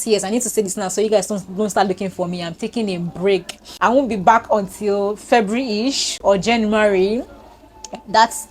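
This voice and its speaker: Chatty young woman vlogging to her phone. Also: medium pitch. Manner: chatty and reflective, with many fillers like "like". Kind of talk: casual year-end vlog talk to camera. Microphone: phone camera.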